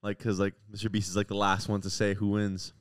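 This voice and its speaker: A young man co-hosting a podcast who chats in an excitable way. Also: fairly low pitch, fairly quick, clear, resonant tone, no echo, studio quality. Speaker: podcast co-host. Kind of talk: casual chat.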